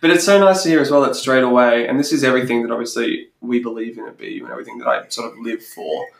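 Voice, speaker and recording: A man's voice: medium pitch, fast, vocal fry. A male podcast host and coach who talks with energy and enthusiasm, swearing casually. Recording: echoey room.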